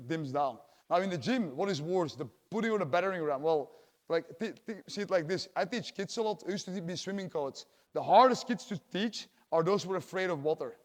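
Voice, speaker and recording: A man's voice: sits high, big-room sound. A man teaching a jiu-jitsu class, a chatty coach who peppers his points with "yeah?" and acts out little exchanges with students. His first language is Dutch. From Belgium. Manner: talkative, tags lines with "yeah?", acts out quotes. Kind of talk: teaching a class, casual explanation.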